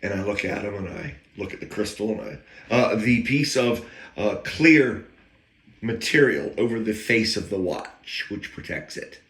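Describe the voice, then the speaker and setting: A man's voice: lowish voice, a little slow, fairly bright tone. A man casually telling an anecdote, rambling with wry, self-aware digressions. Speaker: storyteller. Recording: echoey room.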